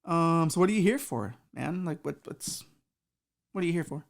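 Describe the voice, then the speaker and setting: A woman's voice: on the low side, expressive, normal speed, creaky, pitched above the performer's own voice. A woman voicing a bored, laid-back male Satan who talks in offhand slang. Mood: casual. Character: bored casual male Satan ruling hell.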